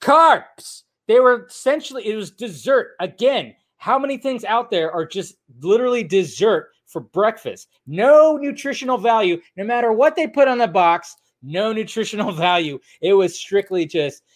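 A man's voice: sits high, lively intonation, moderate pace, few pauses. A man hosting a podcast, rambling through entertainment news with plenty of fillers, swearing and laughs. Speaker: podcast host. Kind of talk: casual solo news chat.

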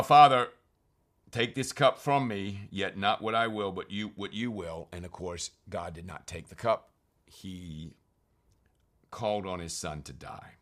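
A man's voice: sits low, fairly bright tone. A man teaching from scripture, reading verses aloud and then explaining them in plain, conversational terms. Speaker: preacher.

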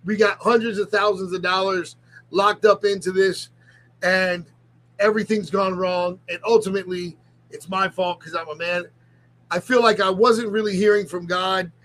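Middle-aged ministry leader, confessional vlog, halting and near tears, speaks high. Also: male voice, steady tone, a bit bright, low-quality recording. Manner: halting, repeats himself, restarts sentences. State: on the verge of tears.

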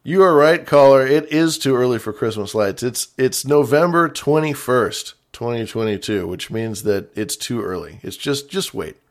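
A man's voice: mid-range voice, moderate pace, hardly any pauses. A man hosting a casual call-in show, playful and mock-dramatic, repeating lines for effect. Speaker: radio show host.

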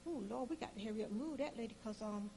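A woman telling a personal story in casual conversation, animated and acting out both sides of the exchanges, with informal speech. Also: a little high, very fast, noisy background.

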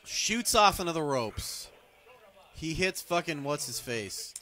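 A man's voice: on the high side, slow. A man co-hosting a podcast, casually and crudely ranting as he watches an old wrestling match. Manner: crude, ranting, animated commentary. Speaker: podcast co-host. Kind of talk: casual profane wrestling watch-along chat.

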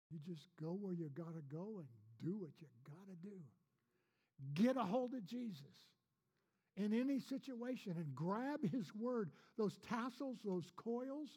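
A man's voice: high voice, animated, measured pace, mellow, breathy edge. A man preaching a sermon as pastor, folksy, with repeated rhetorical questions.

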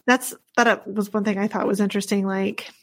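A woman's voice: medium pitch, flat delivery, fairly quick, fairly bright tone. A woman co-hosting a casual true-crime podcast, musing aloud with many fillers and loose, rambling sentences. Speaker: podcast co-host.

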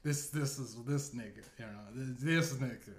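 A man's voice: medium pitch, normal speed. A man hosting a podcast, telling a rambling comedic story full of profanity and asides. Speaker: podcast host. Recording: echoey room.

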